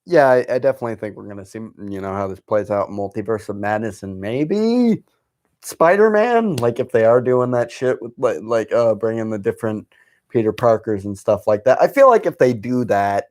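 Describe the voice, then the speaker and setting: A man's voice: on the low side, animated, moderate pace, darkish tone. Rambling young man, casual podcast. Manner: rambling, laughs often, swears, many fillers. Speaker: podcast host. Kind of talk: casual chat.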